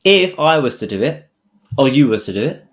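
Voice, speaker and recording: A man co-hosting a podcast, with a lively voice that rises and falls widely. He chats casually and teases playfully. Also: mid-range voice, fairly quick. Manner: playful, teasing. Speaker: podcast co-host. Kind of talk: casual chat.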